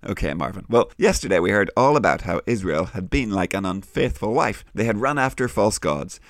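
A middle-aged man with a Northern Irish accent who hosts a children's Bible podcast, explaining things gently and patiently. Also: fairly low pitch, animated, a little fast, dry recording, studio quality. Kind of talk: warm scripted kids' Bible teaching.

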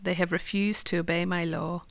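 Gravelly woman reading scripture. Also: lowish voice, little pitch movement, dry recording. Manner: clear, measured reading. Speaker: scripture reader. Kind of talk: Bible reading.

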